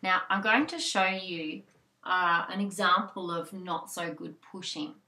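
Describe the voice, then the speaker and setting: A childbirth educator with an Australian accent gives an informal, conversational talk full of fillers and restarts. Her lowish voice is measured in pace, pushed, and bright, and the sound is reverberant.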